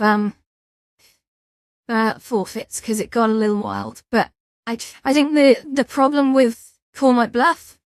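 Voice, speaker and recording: A woman's voice: fairly high pitch, no echo, studio quality. A tired woman streamer in casual chat, rambling and yawning between restarts. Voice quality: rambling, chatty, with frequent restarts and fillers.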